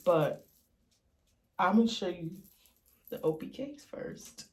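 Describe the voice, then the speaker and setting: A woman's voice: lowish voice, expressive, slow pace. A woman speaking emotionally to her vlog audience, near tears as she confides. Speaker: vlogger. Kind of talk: personal vlog confession.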